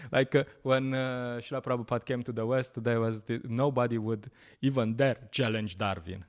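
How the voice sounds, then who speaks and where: A man leads a scripture class, telling stories with animated energy. He laughs often and searches for words with many fillers. His voice sits at an ordinary middle pitch. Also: normal speed. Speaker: lecturer at a temple program.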